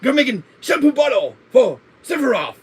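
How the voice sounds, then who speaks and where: A man voicing an excitable mad scientist who scolds and shouts in an exaggerated way. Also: very high voice, moderate pace, breathy edge, voice pushed up, exaggerated voice. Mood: scolding.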